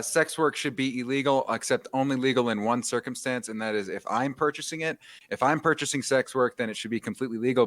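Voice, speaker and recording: A man's voice: mid-range voice, fairly bright tone. A man on a podcast panel who opens with a joke and then stammers into his serious point. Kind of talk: casual chat.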